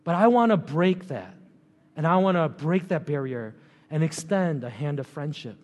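High-voiced man preaching in a reverberant hall. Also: animated, normal speed, darkish tone, highs cut off. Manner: conversational, many fillers, chuckles often. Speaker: pastor. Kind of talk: sermon.

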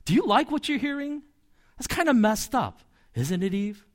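A man's voice: very high voice, sing-song, moderate pace, voice pushed up. A man voicing a sly male serpent who coaxes a woman with mocking questions during a sermon. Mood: sly, needling. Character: sly tempting male serpent, needling and insinuating.

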